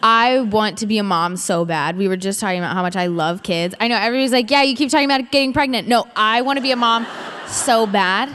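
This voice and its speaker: A woman's voice: mid-range voice, fairly quick, fairly bright tone, smooth. A woman in her twenties, a singer and actress being interviewed on stage, rambling with lots of filler words. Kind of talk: onstage conversation. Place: live event stage. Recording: long hall reverb.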